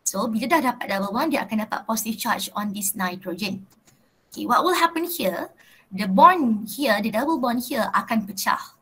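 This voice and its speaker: Malaysian woman teaching chemistry, breathy. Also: on the high side, animated, fairly quick, sharp tone, poor audio. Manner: mixes Malay and English, checks in with students often. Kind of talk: live online class lecture.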